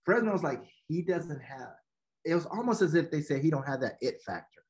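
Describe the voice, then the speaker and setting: A man's voice: fairly high pitch, brisk. A man guest on a podcast, telling stories in a casual way, acting out quotes and often saying "man". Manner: animated storytelling, acts out quotes, says "man" often. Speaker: guest, educator and former football coach. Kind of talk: casual storytelling in a podcast interview.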